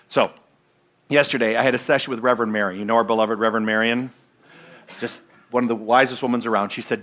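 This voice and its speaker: Bright-voiced man giving a sermon. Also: medium pitch, quick pace. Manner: conversational, asks the congregation questions. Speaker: minister. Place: church sanctuary.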